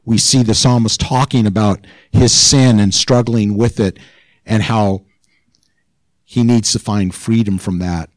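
A man's voice: lowish voice, fairly even intonation, unhurried, no echo, low-quality recording. A man pastor giving a sermon in an informal, chatty way, growing more intense as he presses a point. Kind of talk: conversational sermon.

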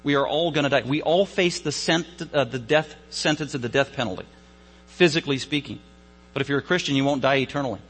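A man's voice: medium pitch, fast talker, a bit bright, slightly rough, in a large hall, rough recording. A man preaching an Easter sermon as a pastor, emphatic and repeating phrases for stress.

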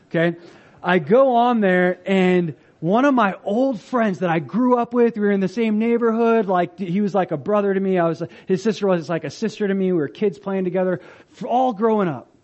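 A man with a notably high voice preaches a sermon, telling personal stories with animation and acting out the people in them. The recording is slightly muffled and lo-fi, the way a church sound system often captures a pastor. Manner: animated storytelling, acts out quoted voices.

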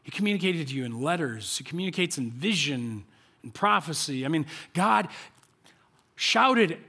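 A male pastor giving a conversational sermon in a church, animated and full of rhetorical questions and repeated phrases. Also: fairly high pitch, normal speed, breathy edge.

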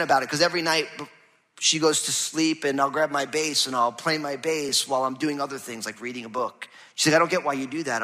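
Man, pastor preaching a sermon, high voice, bright and forceful tone, animated with loud and hushed swings, reverberant church hall.

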